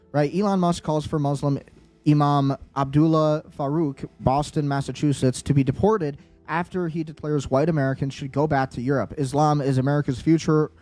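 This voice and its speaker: A man hosting a heated commentary, his voice sitting a bit high for a man. He talks in an agitated, insistent way and hammers his points by repeating them. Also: darkish tone. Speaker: political commentary host.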